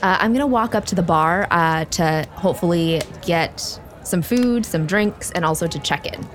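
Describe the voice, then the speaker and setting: A woman's voice: on the low side, moderate pace, soft background music. A woman playing in a tabletop game, speaking casually and hesitantly with many fillers. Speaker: player.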